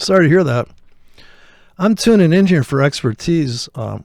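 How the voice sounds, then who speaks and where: Man, sarcastic, profane, rambling commentary, gravelly, dead-dry sound. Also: fairly high pitch, very animated, normal speed, long pauses, a little mellow, no room sound. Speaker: host reacting to videos. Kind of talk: casual commentary.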